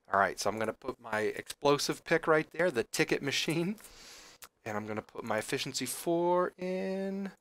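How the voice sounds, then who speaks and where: Excitable man narrating his game. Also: medium pitch. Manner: excitable, chatty, exclaims and laughs often. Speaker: gaming channel host. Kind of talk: casual game commentary.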